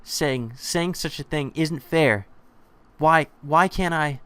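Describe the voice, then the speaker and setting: A man's voice: mid-range voice, fairly quick, fairly bright tone, clear, resonant tone, voice pushed up, close to an everyday voice. A man voicing a tearful young woman who pleads in a breaking, sobbing voice. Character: tearful young woman, a gentle older schoolmate. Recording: music playing behind.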